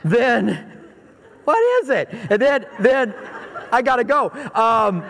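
Brief: a middle-aged male preacher with a high voice, casual and anecdotal, in a church hall with long reverb. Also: expressive, slow, gravelly, fairly bright tone, slight background noise. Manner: conversational, anecdotal, asks the audience questions. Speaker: pastor. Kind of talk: sermon.

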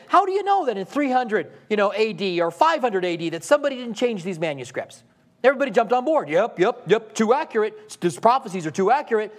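A pastor preaches a sermon in a conversational style, his voice sitting high. He poses rhetorical questions to the congregation and acts out the voices he quotes.

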